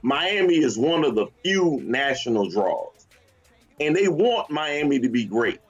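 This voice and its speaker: A man's voice: mid-range voice, very animated, unhurried, slightly rough, muffled recording, faint music behind. A man co-hosting a sports talk show, talking in a fired-up, slangy way and cursing freely.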